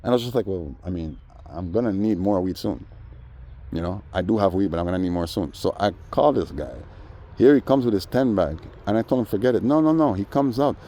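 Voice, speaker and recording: A low-voiced man rants through a street story. His tone is mellow and dark. He is animated and acts out other people's lines as he goes. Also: a little fast. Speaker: vlogger. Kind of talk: casual storytelling rant.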